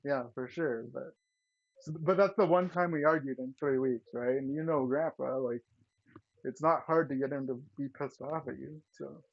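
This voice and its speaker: A man's voice: mid-range voice, normal speed, vocal fry. Profane ranting young man, lo-fi. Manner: profane, aggrieved venting. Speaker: streamer. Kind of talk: casual rambling storytelling. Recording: dull lo-fi sound.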